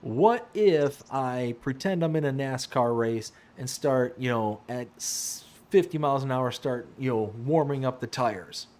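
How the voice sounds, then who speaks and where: A man with a mid-range voice speaks a little slowly, with hardly any pauses. He's live-streaming a farming game, reading and answering chat messages in an animated, laugh-filled, casual way.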